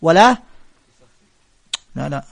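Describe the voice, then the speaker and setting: A man's voice: on the high side, normal speed, gravelly, no echo. A male preacher, lecturing a gathering and telling stories, with phrases mixed into his English. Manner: mixes Arabic phrases into English, animated storytelling. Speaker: Islamic preacher.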